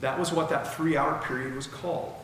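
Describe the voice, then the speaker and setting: A man's voice: fairly high pitch, steady tone, brisk, slight background noise. Male pastor, emphatic sermon delivery with a dry mouth, voice ringing through a large reverberant hall. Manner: emphatic, with dramatic swings in loudness. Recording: echoey hall with long reverb.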